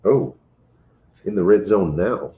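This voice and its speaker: A man's voice: sits low, animated, slow. A man with a Southwest Louisiana accent co-hosting a casual livestream, chatting and reading out viewer comments. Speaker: livestream co-host. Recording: roomy, dull home livestream audio.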